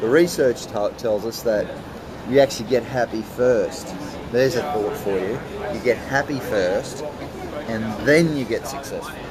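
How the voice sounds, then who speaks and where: A man's voice: mid-range voice, a little slow. Upbeat male host, motivational live-stream patter, mid-range voice, heavy street crowd noise behind. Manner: upbeat, motivational, greets viewers by name. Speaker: podcast host. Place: busy outdoor pub on a city main street. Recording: loud crowd noise outdoors. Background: crowd chatter and traffic.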